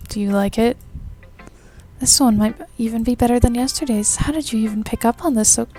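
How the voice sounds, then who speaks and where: Young woman streamer, dry jokey asides, slightly high voice, faint game music under. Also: fairly quick, warm tone. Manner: wry, joking asides while reading. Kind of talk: casual game commentary.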